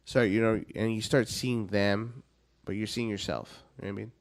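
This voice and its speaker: A man telling profane, animated stories in casual podcast chat, acting out shrill quoted voices. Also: normal speed. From South Texas. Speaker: comedian guest.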